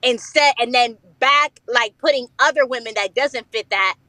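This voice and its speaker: Woman, fairly high voice, dry sound, earnest, explains at length, casual chat. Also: normal speed, sharp tone, no echo, poor audio. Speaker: participant in a live chat room. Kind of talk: casual discussion.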